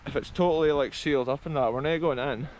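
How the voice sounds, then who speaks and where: A man's voice: a little high, fast talker, darkish tone, low-quality recording. A man with a Scottish accent narrating a casual walking vlog on a windy rural hillside, enthusiastic and often calling his viewers folks. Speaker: vlogger exploring abandoned places.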